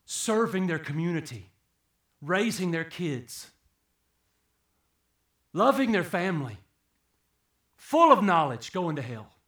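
A man preaching a sermon, swinging from hushed, low passages to loud, emphatic peaks. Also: sing-song, slow, pauses often, roomy sound. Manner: dramatic swings from hushed to shouting.

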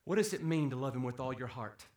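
A man preaching a sermon, swinging from hushed, low passages to loud, emphatic peaks. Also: lively intonation, fast talker, reverberant. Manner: dramatic swings from hushed to shouting.

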